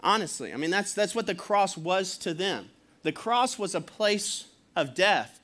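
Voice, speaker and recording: A man's voice: high-pitched, animated, measured pace, a bit bright. A man preaching a sermon as pastor in a conversational way, chuckling often and acting out quotes.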